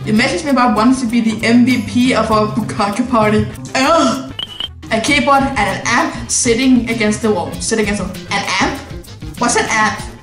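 A woman's voice: fairly high pitch, normal speed. A woman doing let's play commentary, reading game text aloud, giggly and swearing in disbelief. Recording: echoey room with music behind.

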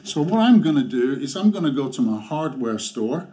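A man's voice: mid-range voice, very animated, warm tone. Exasperated man ranting a review. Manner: exasperated ranting, halting restarts. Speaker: motorcycle gear reviewer. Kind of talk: product review vlog.

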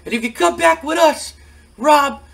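A man voicing a loud, taunting male wrestling manager who rants and mocks in a shrill, raised voice. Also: unhurried, creaky, full character voice. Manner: shrill, ranting, mocking.

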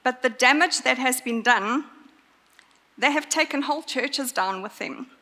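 A woman preaching a sermon in an earnest, emphatic way, pausing to stress her points. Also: high-pitched, animated, sharp tone. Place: church. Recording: long church reverb.

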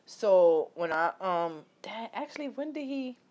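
A woman's voice: medium pitch, expressive, a little slow, a little mellow. A woman telling a personal story straight to her viewers, loose, emphatic and heavy on swearing. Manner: loose, profane, emphatic, addresses viewers directly. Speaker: vlogger.

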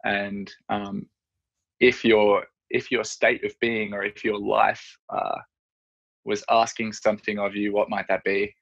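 Husky, low-voiced man, reflective guest. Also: flat delivery, unhurried, a bit bright. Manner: reflective, searching, many fillers. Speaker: strength and yoga coach, podcast guest. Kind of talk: casual interview chat. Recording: dull lo-fi audio.

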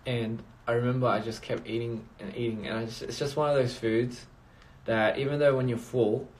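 A man's voice: mid-range voice, fairly even intonation, moderate pace, darkish tone, a little hiss or hum. Man rambling on a phone livestream. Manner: rambling, reads out viewer comments. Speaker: livestream host. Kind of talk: casual livestream chat.

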